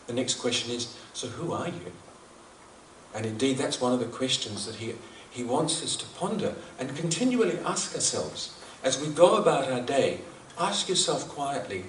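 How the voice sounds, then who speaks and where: A man gives a reflective spiritual talk in an earnest, thoughtful way, often restarting and repeating his phrases. His voice sits at a middle pitch. It is picked up from some distance in an echoey hall, with faint noise behind it. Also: animated, normal speed. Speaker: speaker at a devotional gathering. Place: large hall at a celebration.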